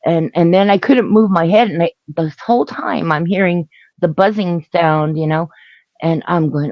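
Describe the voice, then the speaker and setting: A woman telling a story on a live stream in a halting way, laughing and restarting her sentences. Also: fairly low pitch, darkish tone, dry recording, lo-fi sound. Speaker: guest storyteller. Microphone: video call.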